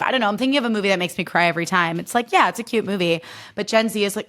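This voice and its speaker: A woman in her thirties from Illinois, USA, hosts a casual solo podcast, her mid-range voice fast and a bit bright. She chats emphatically, full of fillers and swearing.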